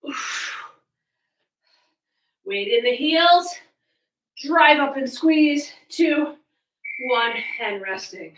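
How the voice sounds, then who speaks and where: A woman's voice: high voice, expressive, extremely slow, long pauses, a bit bright, echoey room, distant mic, low-quality recording. A woman fitness coach, out of breath, counting reps and cueing moves while she exercises along in a small room at home. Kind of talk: coaching a live home workout.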